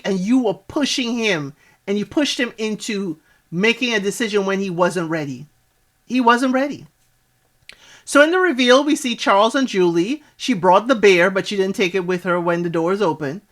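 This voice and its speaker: Woman, casual recap commentary, sassy asides, talks back to the screen, mid-pitched voice. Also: fairly bright tone. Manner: chatty, with frequent asides. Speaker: reality TV recap host.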